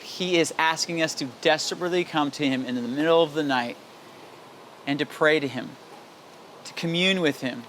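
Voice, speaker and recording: Man, pastor, devotional sermon, earnest, candid, pleading repetition, higher-pitched voice, light background hiss. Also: fairly bright tone.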